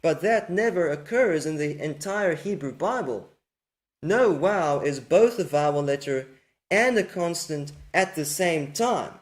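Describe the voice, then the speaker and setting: A man's voice: a little high, lively intonation, unhurried. A man giving a patient, explanatory lecture on Hebrew grammar, often asking rhetorical questions and checking that listeners follow. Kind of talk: explanatory lecture over slides.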